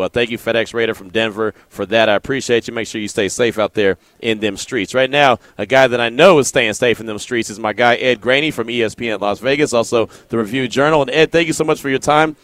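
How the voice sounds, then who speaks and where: A man's voice: medium pitch, no echo. Easygoing sports radio host, man. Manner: relaxed, conversational, reads listener texts. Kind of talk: casual sports talk radio.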